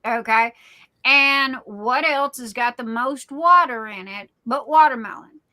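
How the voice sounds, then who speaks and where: Chatty woman, bright voice. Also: on the high side, measured pace, low-quality recording. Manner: chatty storyteller, repeats words and restarts often. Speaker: guest on a live chat stream. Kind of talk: casual chat.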